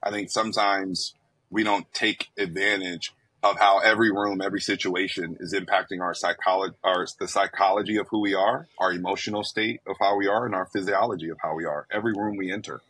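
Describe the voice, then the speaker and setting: A man's voice: low-pitched, fairly even intonation, brisk, sharp tone, slightly rough, dry recording, poor audio. A man hosting a podcast, speaking in an encouraging, affirming way. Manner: encouraging, affirming, calls listeners man and brother. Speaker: podcast host. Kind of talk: casual podcast conversation.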